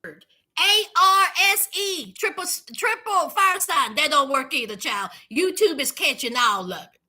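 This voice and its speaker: Very high, bright-voiced sassy woman. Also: sing-song, measured pace. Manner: sassy, dramatic, calls listeners honey and child. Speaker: YouTube reality-TV recapper. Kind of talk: casual commentary recap.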